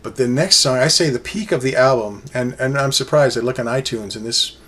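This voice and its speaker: A man's voice: medium pitch, fairly quick, fairly bright tone, slightly rough. Rambling, enthusiastic male album reviewer. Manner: rambling, enthusiastic fan talk with many fillers. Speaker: music reviewer. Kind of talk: casual solo album review.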